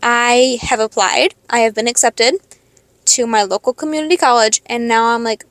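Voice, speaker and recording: A high school senior girl in her late teens, rambling casually in a stream-of-consciousness monologue, swearing freely and second-guessing herself. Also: steady tone, moderate pace, fairly bright tone, dry recording. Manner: rambling, swearing, self-questioning. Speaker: podcast host.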